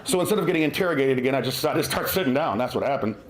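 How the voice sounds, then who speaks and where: Animated male comedian in roomy venue. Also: mid-range voice, very fast. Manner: conversational, self-mocking, acts out silly voices. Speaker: stand-up comedian. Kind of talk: stand-up comedy set. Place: winery venue with live audience. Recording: roomy live venue with audience laughter.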